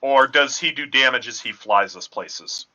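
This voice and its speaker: A man's voice: medium pitch, moderate pace, sharp tone, rough recording. A man playing a tabletop game, tossing in joking remarks. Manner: joking quips. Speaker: player. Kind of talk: casual tabletop play.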